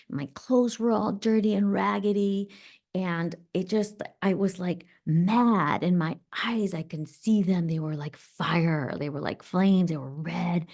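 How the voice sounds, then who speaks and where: A middle-aged woman hosting a podcast, telling a personal story in an animated, reflective way. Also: fairly low pitch. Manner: animated, reflective, acts out voices. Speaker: podcast host.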